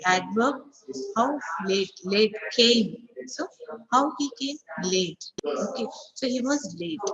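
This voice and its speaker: A woman's voice: mid-range voice, rough recording. Woman teacher drilling stress patterns. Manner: explains step by step, repeating 'okay, so' and drilling example sentences aloud. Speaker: English teacher. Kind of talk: online class lecture.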